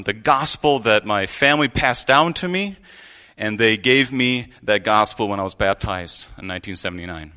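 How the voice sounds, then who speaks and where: Man preaching a sermon, bright and sharp tone, casual earnest delivery. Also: lowish voice. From United States. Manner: conversational, earnest storytelling with asides. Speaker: guest preacher. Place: church pulpit.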